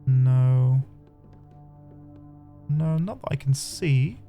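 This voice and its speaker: A man commentating his own game playthrough, chatty and excitable, talking to his viewers. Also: mid-range voice, drawn-out words. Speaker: game streamer. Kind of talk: let's play commentary. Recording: faint background music.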